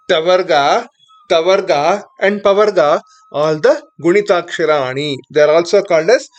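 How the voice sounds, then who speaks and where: A teacher gives a recorded Sanskrit lesson, slowly drilling syllables and saying each one twice before patiently explaining pronunciation. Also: mid-range voice.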